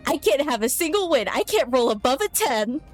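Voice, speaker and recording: Woman player at a tabletop game, grumbly and jokey, voice a bit high. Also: big pitch swings, fairly quick, faint music behind. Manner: self-deprecating, comic grumbling. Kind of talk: casual tabletop gaming chat.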